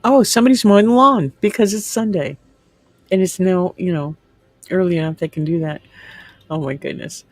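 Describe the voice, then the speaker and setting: A woman livestreamer whose voice sits on the low side talks at normal speed, chatting casually with viewers and reading comments. She laughs often and occasionally lowers to a whisper. There's no room sound, though she's at home in a room with the window open.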